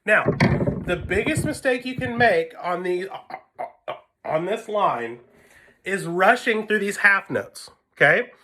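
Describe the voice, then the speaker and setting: Bright-voiced man teaching violin. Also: sits high, expressive, slow pace. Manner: patient, counts beats aloud. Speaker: string teacher. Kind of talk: music lesson. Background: violin playing.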